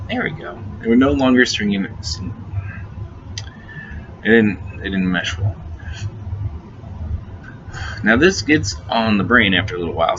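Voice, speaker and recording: Male storyteller, lowish and forceful, profane and giggly, faint hiss on a muffled recording. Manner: profane, laughing often, repeats and restarts words. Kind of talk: casual anecdote. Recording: dull lo-fi recording with faint noise.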